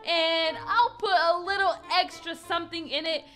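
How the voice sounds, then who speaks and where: A woman's voice: very high-pitched, steady tone, moderate pace, fairly bright tone. A woman narrating a game roleplay in a playful, dramatic, mischievous way. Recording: clear background music under voice. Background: background music.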